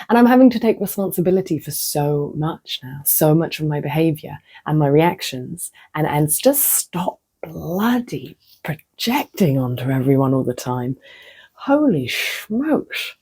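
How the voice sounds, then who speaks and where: A woman vlogging in a low, husky, mellow voice. She tells her own story candidly and laughs at herself. Her voice slips into soft near-whispers now and then. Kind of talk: casual reflective monologue.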